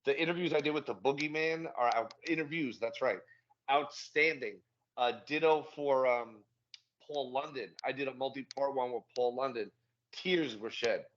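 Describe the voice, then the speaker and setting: A man's voice: mid-range voice, normal speed, a bit bright. Man, podcast guest, easygoing, casual swearing, dull lo-fi audio. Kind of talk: casual chat.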